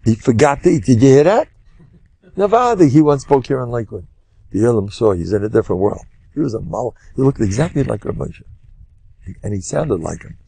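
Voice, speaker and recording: Older man, rabbi, Torah lecture, humorous storyteller, gravelly voice, dry close sound. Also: medium pitch, brisk, no room sound. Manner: animated, humorous storyteller who loudly acts out quotes.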